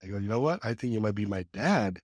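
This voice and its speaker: A man in his sixties from California, a podcast guest telling his life story in a casual, animated way and acting out the quoted dialogue. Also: quick pace, dry recording, clean studio sound. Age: 60s. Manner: animated, acts out quoted dialogue with lively pitch jumps. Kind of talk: conversational storytelling.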